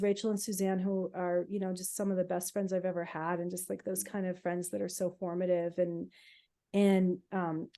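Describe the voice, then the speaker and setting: A middle-aged woman, a podcast co-host, telling her own healing story in an emotional, halting way with many fillers. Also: fairly low pitch, warm tone. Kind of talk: casual personal storytelling.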